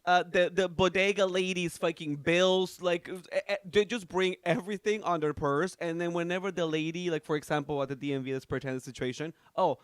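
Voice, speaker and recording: A man with a high, clear voice co-hosts a podcast, teasing his partner and laughing as he talks. His speech is smooth and crisp. The room sound is dry and close. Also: steady tone, fairly quick, few pauses, no room sound. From Latin American family. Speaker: podcast co-host. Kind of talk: casual chat.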